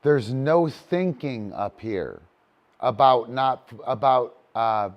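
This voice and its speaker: A man's voice: mid-range voice, takes it slowly, muffled recording. A man teaching a casual online disc dog training session, talky and loose, breaking into cheery cues to his dog.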